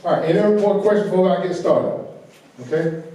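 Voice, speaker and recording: A man with a Southern US accent leading a financial training workshop, talking loud and fast and often checking in with "okay?". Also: high-pitched. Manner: energetic, repeats "okay?" to check in with the audience. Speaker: workshop presenter. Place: large meeting room. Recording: very echoey room, voice far from the recorder.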